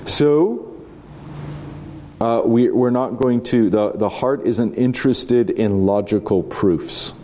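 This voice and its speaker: A man teaching a class, reading passages aloud and commenting on them in a measured, conversational way, slowing down for emphasis. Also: mid-range voice, a little mellow. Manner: measured and reflective, with slow emphatic stretches; conversational, with fillers and restarts. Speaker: teacher leading a reading of a philosophy text.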